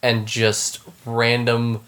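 A man's voice: medium pitch, completely flat delivery, very slow, fairly bright tone. A man co-hosting a casual podcast chat, laid-back, swearing casually and trailing off into restarts. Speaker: podcast co-host.

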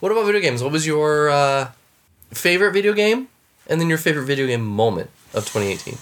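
A man's voice: on the high side, expressive, fast talker, fairly bright tone, slight background noise. A young man co-hosting a casual podcast chat, laughing often, swearing and acting out quotes. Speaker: podcast co-host.

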